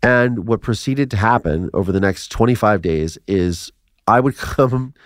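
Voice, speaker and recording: A man in his forties from Ohio, telling his life story as a podcast guest in an animated way, acting out quotes and laughing between lines. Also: lowish voice, unhurried, no echo, clean studio sound. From Ohio, USA.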